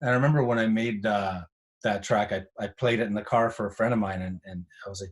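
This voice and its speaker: Animated man telling studio stories. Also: fairly low pitch, fast. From Canada. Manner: animated storyteller, acts out quotes, swears. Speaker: guest house music producer. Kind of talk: casual chat.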